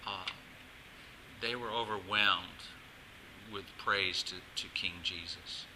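A man pastor giving a lively sermon at a church service, coaxing the congregation to join in. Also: low voice, slow, background noise.

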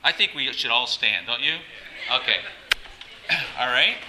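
A man pastor giving a lively sermon at a church service, coaxing the congregation to join in. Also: mid-range voice, a little slow, slight background noise, rough recording.

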